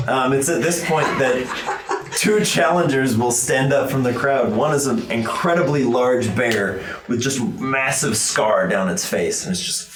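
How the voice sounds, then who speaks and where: A man's voice: mid-range voice, a little slow, background noise. Game master, male, mid-range voice, casual filler-heavy narration, echoey room. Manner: loose, chatty narration full of fillers.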